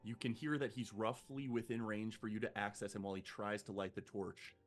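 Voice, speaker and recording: A low-voiced man runs a tabletop game as game master, painting each scene in a measured, descriptive way. Faint music plays underneath. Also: little pitch movement.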